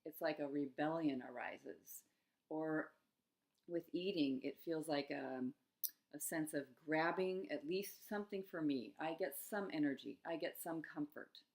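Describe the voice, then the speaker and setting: A middle-aged woman coaching on eating struggles in a gentle, musing self-help talk, with soft laughs between thoughts. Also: sits low, measured pace.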